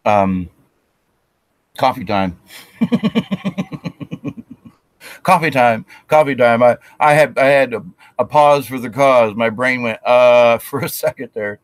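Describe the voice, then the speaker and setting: A man's voice: mid-range voice, animated, takes it slowly, pauses often, no echo. A man giving a casual spiritual talk, rambling with restarts and acting out quotes of himself and others.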